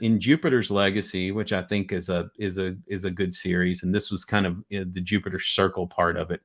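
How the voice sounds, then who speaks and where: A man chatting casually as a guest over a video call, rambling enthusiastically with many restarts. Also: low-pitched. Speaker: guest collector. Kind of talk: casual chat.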